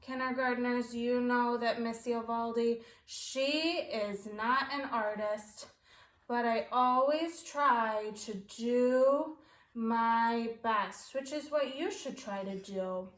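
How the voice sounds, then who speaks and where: A woman teaching a phonics lesson to kindergartners on video, speaking slowly and in a sing-song manner as she reads and spells along. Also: a little high. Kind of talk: video lesson for young children. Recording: echoey room.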